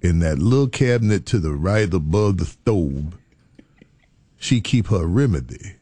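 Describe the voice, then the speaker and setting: A man's voice: sits low, a little slow, husky. A man telling a comic story in a casual chat, drawling and breaking into laughter. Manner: animated, breaks into laughter, drawling Southern vernacular. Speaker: storyteller in a two-person chat.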